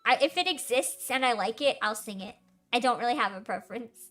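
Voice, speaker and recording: A woman's voice: fairly high pitch, fairly quick, fairly bright tone. A young woman hosting a casual livestream Q&A, chatty and giggly, with lots of "like". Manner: giggly, chatty, says "like" a lot. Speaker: streamer hosting a Q&A. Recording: faint background music.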